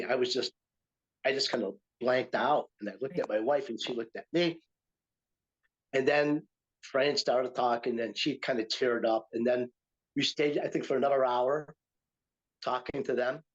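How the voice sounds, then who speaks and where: A man's voice: medium pitch, highs cut off. An older man from upstate New York, a retired teacher and writer, telling a story in a casual interview with many fillers and restarts. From Utica, New York, USA.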